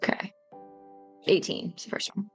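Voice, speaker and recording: A woman's voice: normal speed, faint music behind. Chatty woman playing a tabletop game. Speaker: player. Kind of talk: casual chat at a tabletop game.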